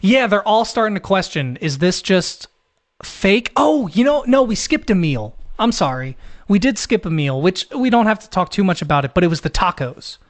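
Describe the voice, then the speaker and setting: A young man co-hosts a casual movie review podcast in a fairly high voice. He talks animatedly, swears freely and jumps into acted-out lines from the film. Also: brisk, hardly any pauses. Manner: animated, swears, acts out quotes. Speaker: podcast co-host.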